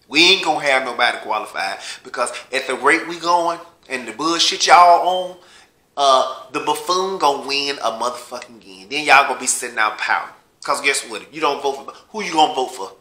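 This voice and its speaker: Guy ranting and cussing at his viewers, bright edgy voice, echoey room. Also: medium pitch, animated, brisk. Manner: blunt, heated, heavy cursing, mocks his listeners. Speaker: vlogger. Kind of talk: profane political rant.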